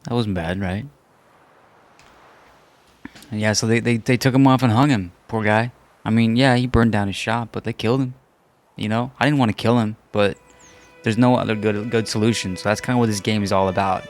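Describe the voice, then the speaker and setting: A man's voice: fairly low pitch, fairly even intonation, brisk, long pauses, soft background music. A man giving casual, rambling commentary over a game he is streaming, chatting and joking along with it. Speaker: let's play streamer. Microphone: desk microphone.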